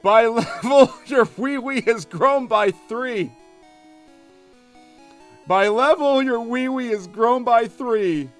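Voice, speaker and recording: A man voicing a pushy male daycare keeper from a video game, squeaky, shrill and theatrical. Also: slow, fairly bright tone, faint music behind, heavily acted. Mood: mock-cheerful.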